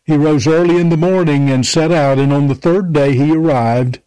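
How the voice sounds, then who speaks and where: A man's voice: on the high side, fairly even intonation, moderate pace, warm tone, clear, resonant tone, no echo, low-quality recording. A man preaching a sermon, emphatically quoting and explaining scripture.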